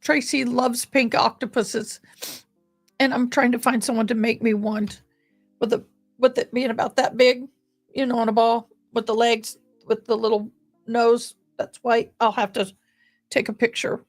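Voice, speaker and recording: A woman with a fairly high voice hosts a casual live stream, chatting away about a game. She gushes affectionately over little details. Soft music plays faintly behind her. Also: flat delivery, unhurried. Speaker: live streamer hosting a fundraiser.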